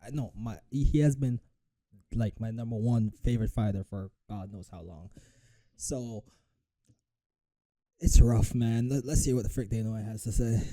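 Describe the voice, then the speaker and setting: A man reacting live to a press conference clip, swearing often and mocking the speakers with quick impressions. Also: on the low side. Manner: profane, animated, mocks with impressions. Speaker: reaction streamer.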